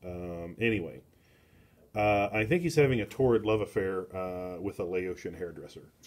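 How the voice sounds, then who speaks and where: A man's voice: deep voice, a little mellow. A middle-aged man hosting a casual book club, reviewing comics in a rambling way full of filler words and restarts. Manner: slow and deliberate.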